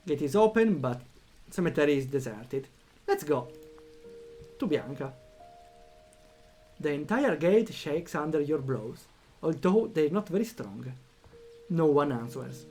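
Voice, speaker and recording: Male streamer, fairly high voice, reads the game aloud, chatty reactions. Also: unhurried, soft background music. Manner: animated, reacts out loud, thinks aloud with fillers. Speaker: streamer playing a story game. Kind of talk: reading a text game aloud with commentary.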